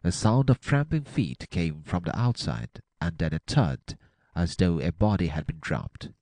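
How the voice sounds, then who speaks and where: A man narrating an adventure audiobook with a dramatic, expressive reading. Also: low-pitched, unhurried, dry recording.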